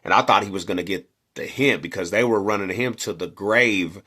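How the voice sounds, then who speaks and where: A man's voice: fairly low pitch, brisk, pushed and bright, husky. A middle-aged man from Denver telling a neighborhood story in slangy casual talk, acting out quotes and punches. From Denver, Colorado.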